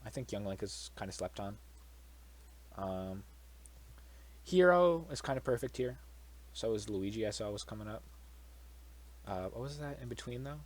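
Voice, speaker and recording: A man's voice: fairly low pitch, expressive, moderate pace, long pauses. A young man giving casual solo commentary, blunt and swearing freely, with incredulous outbursts.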